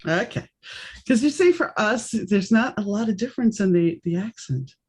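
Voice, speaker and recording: A woman's voice: mid-range voice, normal speed, slightly rough. Chatty American woman hosting a podcast. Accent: mixed American, faint New Orleans. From New Orleans, United States. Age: middle-aged. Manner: chatty, animated, jumps between stories. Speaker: podcast host. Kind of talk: casual interview chat.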